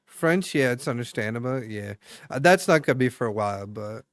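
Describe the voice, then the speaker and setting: A man's voice: mid-range voice, expressive, fairly quick, no echo. A young adult man streaming, chatting casually with viewers in a rambling way full of fillers and restarts.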